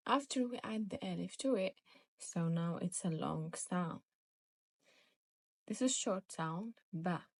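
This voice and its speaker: Very slow, patient woman teacher. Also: fairly low pitch, lively intonation, a little mellow, no echo. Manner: patient, repeats each sound twice. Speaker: Arabic teacher. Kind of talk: slow step-by-step reading lesson.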